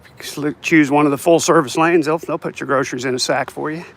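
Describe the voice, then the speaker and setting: A vlogger with a fairly high, evenly pitched voice talks quickly to his viewers while strolling down a residential street, rambling and chatting casually. He sounds tired and yawns now and then, and cars and traffic pass in the background.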